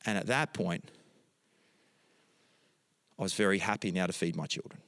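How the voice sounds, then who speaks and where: A man's voice: low voice, moderate pace, a bit bright, big-room sound. A middle-aged man, a pastor telling a family story in a sermon and moving into emphatic prayer.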